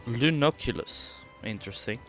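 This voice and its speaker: A man's voice: medium pitch, expressive, soft background music. A man streaming a game, thinking aloud and reacting casually as he explores. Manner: thinking aloud, quick reactions, reads dialogue. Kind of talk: casual gameplay commentary.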